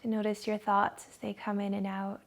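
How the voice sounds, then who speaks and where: Gravelly-voiced woman guiding a yoga class. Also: medium pitch, monotone. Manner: slow, soothing guiding voice. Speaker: yoga instructor. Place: living room at home.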